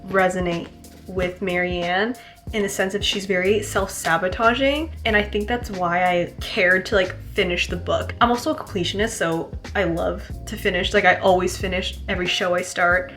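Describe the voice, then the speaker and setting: A young woman talking casually in a vlog about a book she is reading, chatty and filling her talk with "like", moving between flat asides and exasperated outbursts. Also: medium pitch. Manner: chatty, says "like" constantly, swings from deadpan to exasperated. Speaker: book vlogger.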